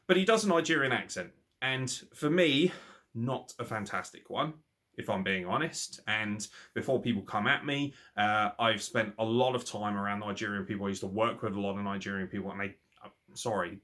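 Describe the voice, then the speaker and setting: A man reviewing a wrestling show in casual, blunt commentary, swearing freely and often breaking into laughs. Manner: animated, with big swings in pitch.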